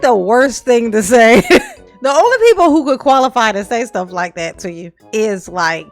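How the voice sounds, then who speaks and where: A high-pitched woman reads a letter aloud and picks it apart in casual, mocking commentary. She laughs often and talks in a loose, chatty way full of rhetorical questions. Faint music plays in the background. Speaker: channel host reading and reacting to a letter.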